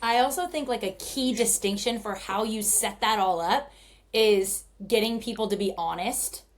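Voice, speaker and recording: A woman's voice: mid-range voice, moderate pace. A woman co-hosting a podcast, mostly chiming in with short affirming replies. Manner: brief affirming interjections. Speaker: podcast co-host. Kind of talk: casual conversation.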